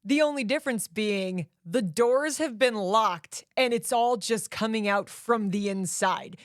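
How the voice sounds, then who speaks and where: A woman's voice: fairly high pitch, dry recording. Chatty woman podcast co-host, dry sound. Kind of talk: casual movie discussion.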